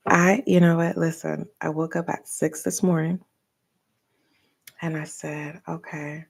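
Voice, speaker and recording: An older woman, a tarot reader, chatting casually and rambling, with soft asides. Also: low-pitched, level tone, a little slow, gravelly, slightly rough. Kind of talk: casual tarot reading talk.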